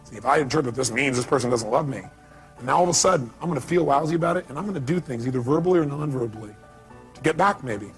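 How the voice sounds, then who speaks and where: A man's voice: medium pitch, lively intonation, very fast, faint music behind. A man giving a motivational seminar talk, emphatic, firing rhetorical questions at his audience. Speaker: motivational speaker.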